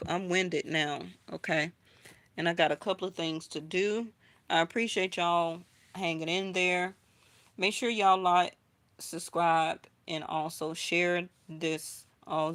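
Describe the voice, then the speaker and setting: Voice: medium pitch, fairly bright tone, no echo. A tarot reader giving a casual, blunt reading to viewers, with frequent "um"s and restarts and a habit of checking in with "okay?".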